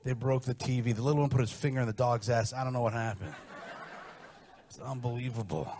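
A middle-aged man doing a stand-up set with brash, profane, animated storytelling. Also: lowish voice. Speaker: stand-up comedian.

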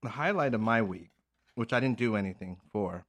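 A man in his forties co-hosting a casual podcast, quiet and hesitant, laid-back in his speech. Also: fairly low pitch, lively intonation, a little fast. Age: 40s. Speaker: podcast co-host.

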